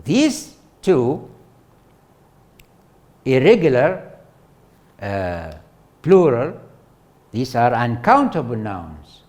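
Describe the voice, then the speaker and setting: A man giving a university lecture, a native Arabic speaker talking in English, slow and halting, with many fillers, repeats, and questions to the class. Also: mid-range voice, wildly swooping pitch, a little mellow. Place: lecture hall.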